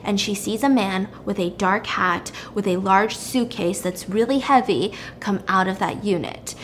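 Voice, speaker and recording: A woman casually recapping a drama's plot in an animated, chatty way, peppering it with fillers. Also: medium pitch, unhurried, a little hiss or hum.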